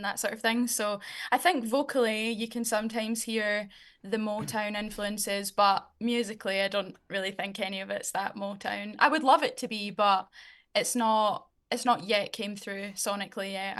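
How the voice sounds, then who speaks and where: A woman's voice: medium pitch, normal speed. A young woman with a Scottish accent, a singer chatting casually as an interview guest. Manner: relaxed, chatty, uses fillers like "um" and "like".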